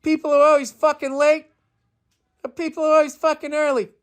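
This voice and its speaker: A man voicing an over-the-top parody of a stand-up comic, in a high, strained, profane rant. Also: little pitch movement, a little fast. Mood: mock ranting. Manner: exaggerated, profane ranting.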